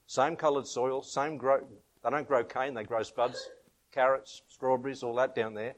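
A middle-aged Australian pastor in a relaxed, chatty sermon. His voice sits at an ordinary mid pitch, and he drifts easily from scripture reading into anecdotes, laughing at his own stories. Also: normal speed. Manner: reads scripture in King James wording, leads prayer. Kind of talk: informal sermon with Bible reading.

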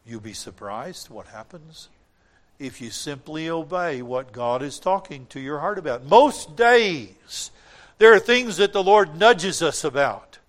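An older man preaching a sermon, telling a personal testimony in an earnest way, building to emphatic points and dropping to quiet asides. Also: fairly high pitch.

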